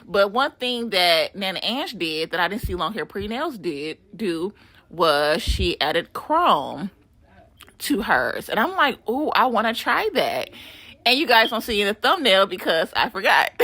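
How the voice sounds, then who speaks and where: Bright-toned, chatty middle-aged woman, casual home vlog voiceover, close and dry. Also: medium pitch, dry recording. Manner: chatty, animated, laughing, swearing casually. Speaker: nail art creator. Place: home game room.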